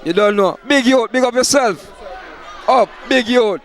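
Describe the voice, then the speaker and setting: A man with a Jamaican accent giving excited shout-outs as an interviewer at a party. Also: very high-pitched, unhurried, a faint crowd. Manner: excited, hyping. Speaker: event interviewer. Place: outdoors at a party.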